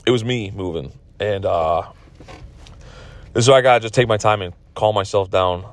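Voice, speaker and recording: A man's voice: on the low side, normal speed, no echo. A tired man commenting on his own pool match from his car, rambling and self-critical. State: tired, yawning. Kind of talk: casual video commentary.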